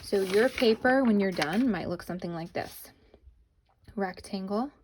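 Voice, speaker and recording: A woman's voice: medium pitch, measured pace, noisy background. Cheerful young woman teaching children. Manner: cheerful, chatty, addresses kids as guys. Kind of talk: casual video lesson for children. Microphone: phone held in hand.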